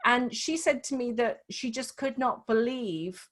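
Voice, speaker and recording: Middle-aged Scouse woman, fairly high voice, chatty coach who restarts sentences a lot, heard over a video call. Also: a little slow. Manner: chatty and explanatory, with frequent restarts. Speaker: dyslexia coach. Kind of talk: one-to-one coaching session.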